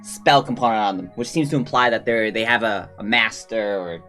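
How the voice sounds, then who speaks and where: A man's voice: fairly low pitch, a little fast, sharp tone, soft background music. A man playing his character in a tabletop game, speaking upbeat and in character. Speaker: player.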